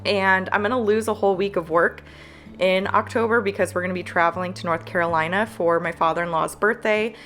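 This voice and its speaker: A woman in her thirties with a small business, talking candidly to camera, earnest and halting with fillers. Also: medium pitch, steady tone, fairly bright tone, faint music behind. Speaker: planner business owner.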